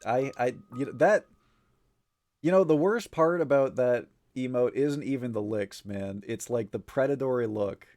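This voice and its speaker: Man, livestreamer, casual chat, rambling, filler words, swearing, mid pitch, faint background music. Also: normal speed, a little mellow. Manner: rambling, filler-heavy, swears often and laughs easily.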